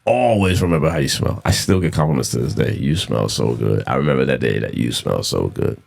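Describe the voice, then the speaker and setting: A man's voice: a bass voice, expressive, fast, vocal fry. A man in his thirties hosting a casual solo podcast, blunt and profane, repeating himself for emphasis. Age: 30s. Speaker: podcast host.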